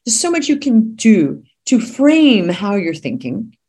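A woman business coach, a podcast guest, telling her story in an emphatic, animated way. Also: mid-range voice, measured pace, breathy edge. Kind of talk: podcast interview.

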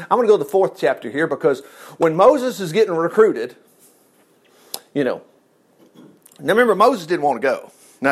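Folksy man teaching scripture, rambling and joking, high voice that swings widely. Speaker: Bible teacher. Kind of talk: casual Bible teaching.

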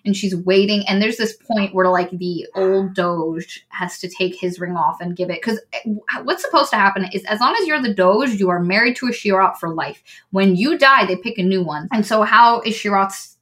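A woman casually retelling a book's plot on a podcast, animated and swearing freely. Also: mid-range voice, normal speed, few pauses. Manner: animated retelling with swearing, acting out lines of the characters. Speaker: podcast co-host.

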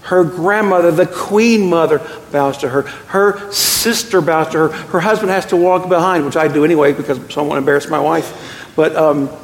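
A middle-aged man preaching a sermon as pastor, an animated storyteller with quick self-deprecating asides. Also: high-pitched. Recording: echoey hall with long reverb.

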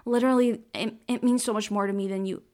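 A woman's voice: medium pitch, steady tone, quick pace, darkish tone. A young woman, hosting her own podcast alone, talking in a rambling, heartfelt way full of fillers and close to tears. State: tearful, near crying. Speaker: podcast host. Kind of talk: solo podcast monologue.

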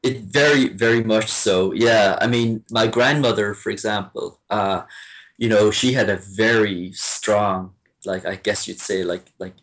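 A man from Limerick with a softened Irish accent, chatting as an interview guest, hesitant with many restarts and fillers. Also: fairly low pitch, fairly even intonation, measured pace. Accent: Irish, softened by years abroad. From Ireland, Limerick. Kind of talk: casual interview chat.

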